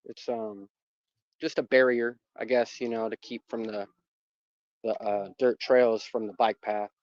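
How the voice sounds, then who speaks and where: A man's voice: on the low side, level tone, measured pace, a little mellow, dry recording. Man, casual rambling storyteller, dry, lo-fi sound. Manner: rambling, lots of fillers and restarts. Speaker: dog owner telling a personal story. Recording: muffled dry recording.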